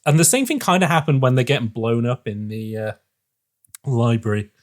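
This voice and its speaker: A man's voice: mid-range voice, moderate pace. A man co-hosting a casual film podcast, swearing freely and often correcting himself. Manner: animated, swearing, self-correcting. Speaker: podcast co-host.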